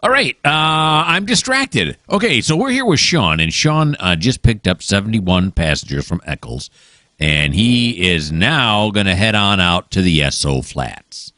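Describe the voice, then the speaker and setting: A male gaming host gives casual let's-play commentary. His voice sits low but rises and falls in lively swings. He rambles, stops to muse aloud, and fills pauses with plenty of uhs. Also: dry recording, studio quality. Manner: rambling, easily distracted, musing aloud with many fillers.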